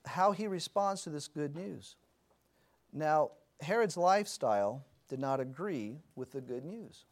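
A man's voice: fairly high pitch, lively intonation, unhurried. A man teaching an adult Sunday school class in a conversational way, asking the group questions and correcting himself as he goes.

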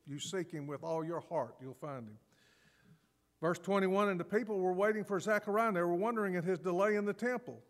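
A man preaching a sermon as pastor, animated and acting out scripture scenes with laughs. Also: high-pitched, a little fast, long reverb tail.

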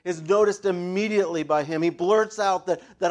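A man preaching a sermon as the church's pastor, talking in a loose, conversational way with asides and fillers, and getting more animated when he stresses a point. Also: moderate pace, few pauses. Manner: animated, rises in pitch and volume for emphasis.

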